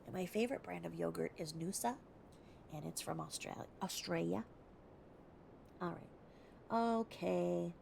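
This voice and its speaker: American woman, casual rambling host, heavily creaky and gravelly voice, faint background noise. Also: lowish voice, fairly quick, a little mellow. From United States. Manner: chatty, rambling asides, slips into whispers. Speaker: reader and video host. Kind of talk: casual commentary between readings.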